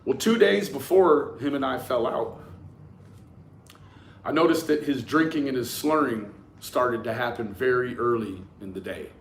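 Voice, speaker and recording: A profane, animated man telling a story. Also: mid-range voice, unhurried, slight background noise. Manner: profane, animated, frequent restarts. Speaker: YouTube commentator. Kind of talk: casual storytelling to camera.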